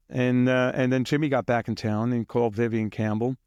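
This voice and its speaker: A man's voice: medium pitch, fairly even intonation, normal speed, a little mellow, no echo, highs cut off. A man guest on an interview, rambling through anecdotes and sometimes mimicking drum beats in a casual, chuckling way. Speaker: guest drummer.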